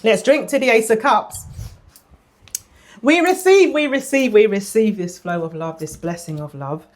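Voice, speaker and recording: A woman giving a casual tarot reading, chatty, often repeating phrases and dropping into a soft murmur. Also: mid-range voice, animated, normal speed. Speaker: tarot reader.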